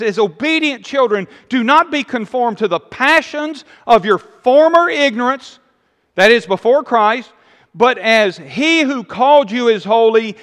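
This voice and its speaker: Preacher, male, high voice, emphatic and repetitive, echoing hall. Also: a bit bright. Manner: emphatic, rising and falling delivery with repeated phrases. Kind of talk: sermon.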